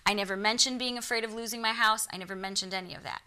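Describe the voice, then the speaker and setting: Woman, Michigan accent, TV guest, earnest storyteller, bright clear tone. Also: mid-range voice, racing. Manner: earnest, animated storyteller acting out quotes. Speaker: guest, psychic medium. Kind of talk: storytelling in a TV interview.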